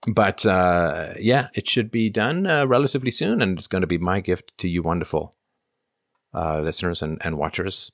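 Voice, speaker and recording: A man's voice: low-pitched, fairly bright tone, no room sound, clean studio sound. A man in his fifties hosting a casual livestream, reading viewer comments aloud and answering in a rambling, self-interrupting way.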